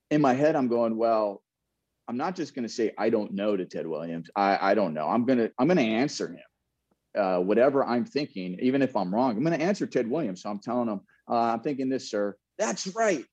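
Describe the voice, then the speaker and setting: A man's voice: mid-range voice, a little mellow, no echo, lo-fi sound. A man, a former ballplayer, reflecting in a casual interview and telling stories with frequent laughs and restarts. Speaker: guest, former pro baseball player.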